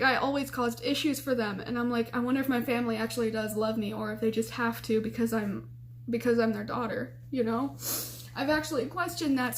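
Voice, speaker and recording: A woman in her twenties telling a personal story in a casual storytime vlog, talking in a chatty way full of "like" and "you know". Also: on the high side.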